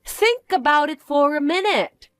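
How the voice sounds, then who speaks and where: A woman's voice: sits high, expressive, measured pace, no room sound, faint music behind, pitched above the performer's own voice. A woman voicing a bratty, vain young stepsister who talks down to everyone in a haughty, demanding way. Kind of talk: dramatized story narration.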